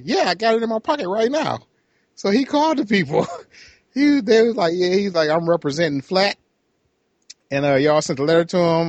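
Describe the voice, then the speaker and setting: Guy on a podcast with a slightly high voice, laid back, quoting folks back and forth, dry sound. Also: no room sound. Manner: laid-back storyteller who quotes people in dialogue and laughs at his own tale. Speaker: podcast co-host. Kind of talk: casual podcast chat.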